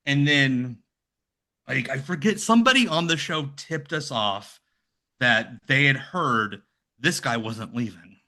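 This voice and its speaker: A man's voice: mid-range voice, measured pace. A man in his thirties, a podcast guest telling stories casually and animatedly, with a lot of "like" in his speech. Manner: animated, heavy use of "like". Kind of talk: casual storytelling.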